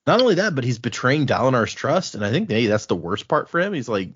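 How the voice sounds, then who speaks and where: Animated man recapping a book, lo-fi. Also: mid-range voice, fast, husky. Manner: animated retelling, quotes characters in a loose conversational voice. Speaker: podcast host recapping a book. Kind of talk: casual chat. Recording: dull lo-fi podcast audio.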